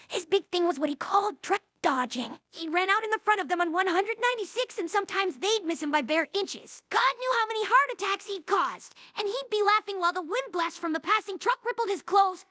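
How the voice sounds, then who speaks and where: A man voicing a brash young female cartoon pony, reading a novel aloud in character with a boyish, husky drawl. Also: very high-pitched, pushed and bright, no echo, studio quality, full character voice.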